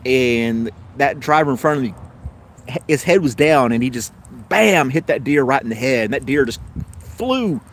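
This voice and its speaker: A man's voice: a little high, a little hiss or hum. A middle-aged man with a Southern American accent hosts a casual live stream, chatting with viewers and telling long anecdotes full of fillers and restarts. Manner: rambling storyteller with many fillers and self-corrections; laughs easily while telling stories.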